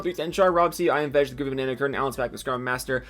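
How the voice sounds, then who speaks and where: A man's voice: medium pitch, very fast, few pauses, fairly bright tone. A young man rattling off a long list of supporter names, breaking off to joke and swear at himself. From Seattle area, USA. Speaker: YouTuber reading supporter names. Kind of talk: rapid-fire name reading with comedic asides.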